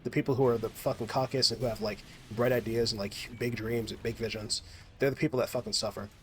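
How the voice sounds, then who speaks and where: Fast-talking rambling man. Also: medium pitch, steady tone, a little hiss or hum. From United States. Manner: rambling, profane, many restarts and fillers. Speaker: gaming vlogger. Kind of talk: casual rambling monologue while gaming.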